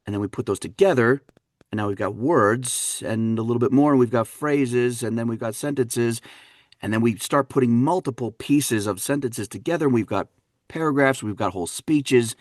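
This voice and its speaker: A man, an actor and dialect coach, telling lively stories in a casual interview and acting out what others said. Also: mid-range voice, moderate pace, dry recording, studio quality. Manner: animated storyteller, acts out quotes, laughs often. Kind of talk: conversational interview.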